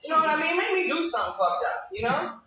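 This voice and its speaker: Loud, profane, and laughing at her own jokes, a woman comic in her 40s does live stand-up with crowd work in a small comedy room. Her voice is high, bright, and forceful, delivered fast and with lots of animation. It's captured from far off in an echoey space with faint noise.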